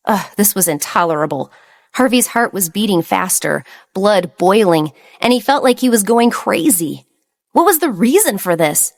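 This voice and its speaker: A woman's voice: medium pitch, lively intonation, normal speed. A woman reading a romance novel aloud as an audiobook narrator. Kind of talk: scripted narration.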